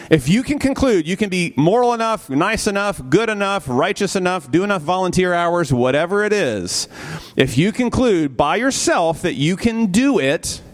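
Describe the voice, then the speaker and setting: Conversational man teaching a Bible class. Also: on the high side. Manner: conversational, asks the group questions, often adds "right?"; briefly acts out quoted characters. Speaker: teacher leading a Bible study. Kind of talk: interactive church class lecture.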